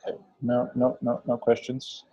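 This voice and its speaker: A man's voice: mid-range voice, completely flat delivery, moderate pace, mellow, husky, dry recording, muffled recording. A man leading a meeting in casual talk, hesitant, with many fillers and hums. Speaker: meeting facilitator.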